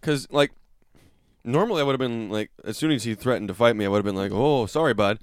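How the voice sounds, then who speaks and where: A man co-hosting a podcast, telling a story in casual chat, animated and profane, loudly acting out what people said. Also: medium pitch, fast talker, clear, resonant tone, dry recording, studio quality. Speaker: podcast co-host.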